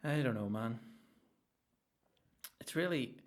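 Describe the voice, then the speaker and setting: A young adult man with a Northern Irish accent, hosting a solo comedy podcast with an animated, sweary rant that jumps from topic to topic. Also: medium pitch, slow. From Northern Ireland. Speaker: podcast host.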